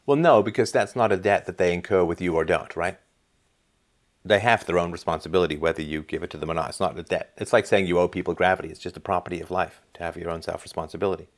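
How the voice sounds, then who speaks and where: A man's voice: low voice, fast talker. A man hosting a livestream, answering viewer chat in a casual monologue and explaining his views with rhetorical tag questions. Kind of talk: casual call-in style monologue. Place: home in Canada.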